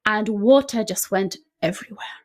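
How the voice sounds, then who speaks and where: A woman guest who coaches people on decluttering, telling her story in an animated, chatty way and often checking in with "right?". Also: mid-range voice, normal speed. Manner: animated, frequently adds "right?". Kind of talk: conversational storytelling.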